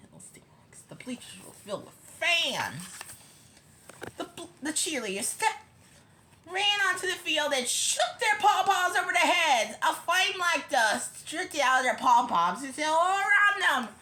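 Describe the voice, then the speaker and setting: Woman reader for a kids' book, bright and animated, expressive with the odd slip. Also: extremely high pitch, unhurried, a little hiss or hum. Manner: expressive storytelling with small stumbles. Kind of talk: reading a children's book aloud.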